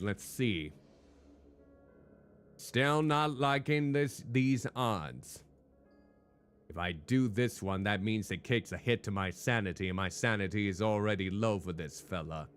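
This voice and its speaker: A man streaming a game, talking in a put-on hardboiled noir private-eye voice and chatting with his viewers. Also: on the low side. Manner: chatty, greets viewers by name. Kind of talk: live game-stream commentary. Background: faint background music.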